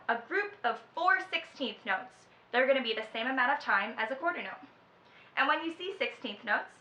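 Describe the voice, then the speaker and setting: Bright-voiced woman teaching rhythm. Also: fairly high pitch, slight background noise. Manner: counts in and chants rhythm words. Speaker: music teacher. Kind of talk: children's music lesson. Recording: echoey room, slightly dull sound.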